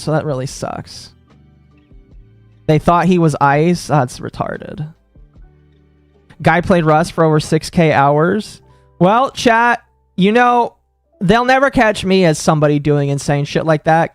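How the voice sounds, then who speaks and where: A man from Texas streaming live, chatting casually with his audience in a rambling, excitable way that tips into rants. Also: fairly high pitch, no echo. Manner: rambling, excitable, quick to rant.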